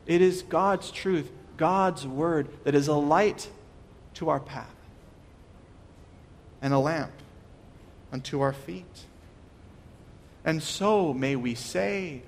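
A man's voice: on the high side, slow, long pauses, big-room sound. A man preaching a sermon, earnest and questioning, often restarting his words. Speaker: pastor.

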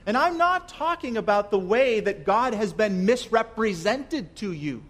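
A young man preaching a sermon, his voice sitting high for a man. He talks earnestly and leans on repeated words and rhetorical questions. He swings from loud emphasis down to soft, hushed lines. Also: lively intonation, unhurried. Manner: shifts between loud emphasis and soft near-whispers. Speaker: pastor.

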